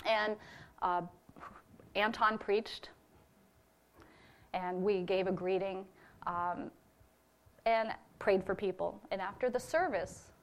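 A woman's voice: mid-range voice, fairly even intonation, slow pace, pauses often. A woman giving a personal testimony to her church about a ministry trip, speaking earnestly and from the heart, with fillers.

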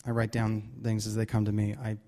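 Warm-voiced man giving a halting sermon. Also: fairly low pitch, completely flat delivery. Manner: halting, many restarts and fillers. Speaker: Bible study leader. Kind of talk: casual sermon.

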